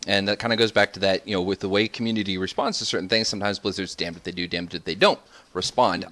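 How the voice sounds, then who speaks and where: Podcast host, lower voice, measured, keeps the discussion on track. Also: male voice, steady tone, a bit bright. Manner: steering the discussion, measured questions. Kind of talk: casual podcast hosting.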